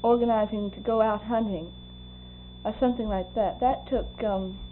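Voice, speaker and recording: Older woman, oral history interviewee; chuckling, animated storyteller; lo-fi tape hiss. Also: mid-range voice, moderate pace. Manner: laughing, animated storyteller acting out quoted voices. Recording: tinny lo-fi tape with faint hum.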